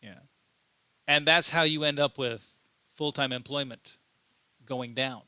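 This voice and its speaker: Emphatic man with a bright, dry voice. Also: mid-range voice, fairly even intonation, unhurried, clear, resonant tone, no echo. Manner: repeats himself and restarts often, emphatic. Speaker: political commentary host. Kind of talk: unscripted commentary monologue.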